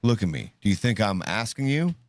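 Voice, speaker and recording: A man's voice: lowish voice, brisk, no echo. A man hosting a call-in talk show, joking and swearing in casual banter. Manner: joking, profane, animated.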